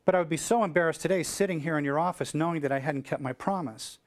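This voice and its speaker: A middle-aged man from the United States tells a story from a stage before a live audience. His voice sits a little high for a man, and he throws himself into each quoted line, at times shouting at full volume. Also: fast. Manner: animated storyteller acting out dialogue, shouting cheers. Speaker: keynote speaker. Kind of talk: storytelling keynote speech.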